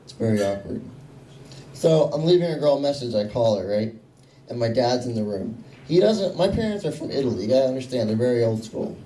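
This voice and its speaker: A young man performing stand-up, his delivery deadpan and self-mocking. His voice has a mellow, dark tone, and it sounds echoey and distant, picked up in a small club room. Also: mid-range voice, a little fast, a little hiss or hum. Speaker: stand-up comedian. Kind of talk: stand-up comedy set.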